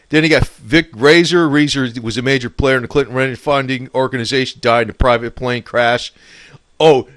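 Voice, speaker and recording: A man's voice: mid-range voice, no echo, clean studio sound. A man in a rambling, profane casual monologue, laughing often and talking with loose scorn. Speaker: political commentator.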